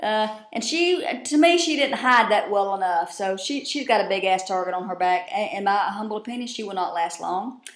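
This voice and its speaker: A woman's voice: medium pitch, normal speed, few pauses. Profane woman chatting in an echoey room. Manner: salty, profane, drawling asides. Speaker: vlogger recapping a TV show. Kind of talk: casual chatty recap.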